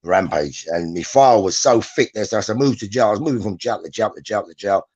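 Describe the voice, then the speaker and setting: Brisk and expressive, this guest's fairly low voice is a touch mellow and husky, and the audio sounds dull. A former prisoner, he tells stories from inside in loose conversation, repeating himself, restarting, and ending lines with "yeah?".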